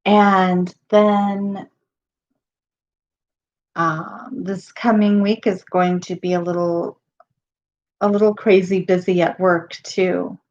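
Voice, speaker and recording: A middle-aged woman chatting casually on her live stream, losing her voice and pausing often with ums. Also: mid-range voice, flat delivery, a little mellow, highs cut off. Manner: halting, with many pauses and ums.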